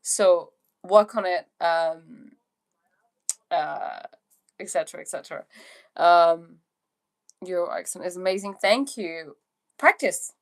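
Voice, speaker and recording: A woman's voice: lowish voice, takes it slowly, long pauses. Chatty English woman livestreaming. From England. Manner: chatty, meandering, tries out French phrases. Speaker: livestream host. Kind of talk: casual livestream chat answering viewers.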